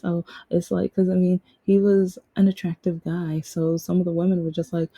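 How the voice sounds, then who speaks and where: Woman, podcast host, casual storytelling, rambling, very dark voice, husky, dry close sound. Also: lowish voice, level tone, moderate pace, no echo, highs cut off. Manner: rambling, with frequent restarts and quoted dialogue.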